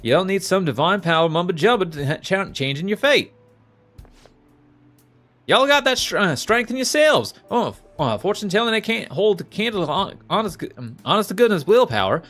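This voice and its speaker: A man's voice: high voice, big pitch swings, moderate pace, fairly bright tone, soft background music. A man reading the lines of an earnest young woman fortune teller from a video game, at times in a put-on Southern drawl. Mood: scolding drawl. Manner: earnest, pleading, slips briefly into a folksy drawl.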